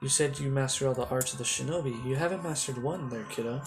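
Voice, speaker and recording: A man's voice: mid-range voice, fast talker, lightly acted. A man voicing a bold, teasing female ninja medic in a casual fan story told over background music. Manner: teasing, offhand. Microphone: phone.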